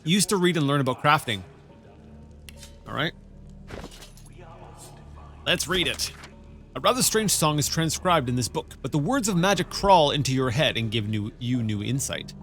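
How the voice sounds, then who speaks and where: A man hosting a let's play, rambling playfully and stopping to read in-game books aloud. His voice is bright and sits a little high for a man, with faint game music playing behind him. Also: animated, moderate pace, pauses often. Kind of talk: casual gameplay commentary.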